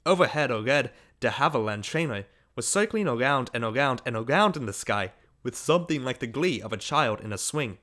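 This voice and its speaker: A man's voice: medium pitch, lively intonation, fairly quick, few pauses, fairly bright tone. Man narrating a literary short story. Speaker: audiobook narrator.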